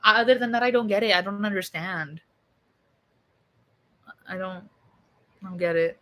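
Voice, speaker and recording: A young woman streaming and chatting with viewers in a loose, rambling way, full of swearing and fillers, her voice a bit hoarse from being sick. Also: mid-range voice, normal speed, sharp tone. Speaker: streamer answering chat. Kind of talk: casual rambling chat.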